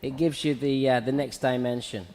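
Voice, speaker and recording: With a medium-pitched, somewhat mellow voice, the man speaks at a normal, steady pace in a big-room acoustic. As host and hair educator of a live show, he chats easily, laughs often, and walks viewers through a razor cut.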